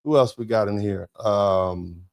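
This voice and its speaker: A man's voice: fairly low pitch, a little slow, creaky, a little mellow. A man hosting a livestream and thanking viewers from the chat. He talks in a rambling, emphatic way, repeating words and restarting sentences, and calls listeners "baby" and "bro.". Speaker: host reading viewer chat.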